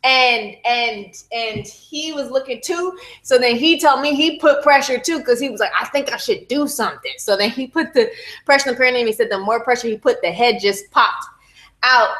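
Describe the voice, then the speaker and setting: A woman's voice: on the high side, normal speed, a bit bright. Mother recounting her birth story, blunt and swearing, roomy echo. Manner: candid, profane, acts out her own screams. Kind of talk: animated storytelling to a group. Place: room at a baby celebration.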